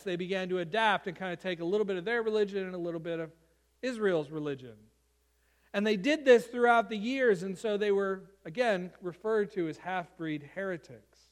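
A man preaching a sermon, reading scripture aloud and then explaining it in an earnest, emphatic way that keeps driving his main points home. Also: high-pitched. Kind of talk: sermon, Bible reading and teaching.

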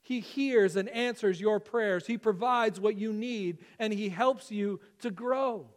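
High-voiced man preaching a sermon. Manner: earnest, repetitive emphatic preaching with slow stressed phrases. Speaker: pastor.

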